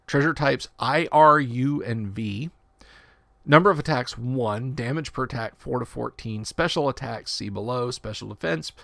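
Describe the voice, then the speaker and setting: A man with a gravelly, mid-pitched voice reads game rules on a livestream. He works through the text at an easy pace, stopping for joking asides and correcting himself as he goes. The sound is dry and close to the mic. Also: a bit bright, no room sound. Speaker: livestream host. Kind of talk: casual livestream reading and commentary.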